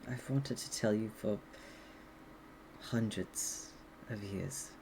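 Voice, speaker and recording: A game master voicing a shy male dragon in human form, speaking softly and hesitantly as he confesses his love. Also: mid-range voice, gravelly, noisy background, voice pushed down. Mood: tender. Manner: soft, hesitant, halting confession. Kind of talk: in-character tabletop role-play.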